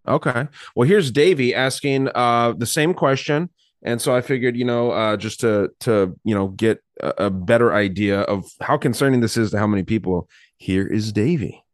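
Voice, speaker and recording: A man's voice: mid-range voice, moderate pace, dry recording, clean studio sound. A man hosting a casual podcast chat, rambling and swearing casually while reading from his notes. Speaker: podcast host.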